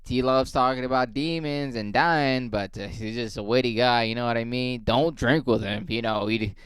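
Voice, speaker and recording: A man's voice: medium pitch, moderate pace, a bit bright, smooth, dry recording. A male comedian delivering a casual, rambling monologue, wry and full of profanity. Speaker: comedian and podcast host.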